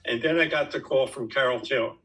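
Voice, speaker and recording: A man in his nineties answers a question by telling his own story. He talks in an emphatic, folksy way, with a bright and forceful voice at a middle pitch. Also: quick pace, rough recording. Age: 90s. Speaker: network marketing top earner speaking to his team.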